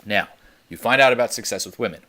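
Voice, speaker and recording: A man's voice: on the low side, fast, bright, forceful tone. A young man coaching on a teleconference, talking bluntly with plenty of swearing and emphatic repetition. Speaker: dating coach.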